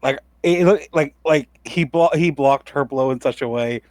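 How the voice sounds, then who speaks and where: A man's voice: medium pitch, normal speed, a little mellow, no echo. A man co-hosting a podcast, chiming in with short casual side comments. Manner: chimes in with brief side comments. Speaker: podcast co-host. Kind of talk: casual chat.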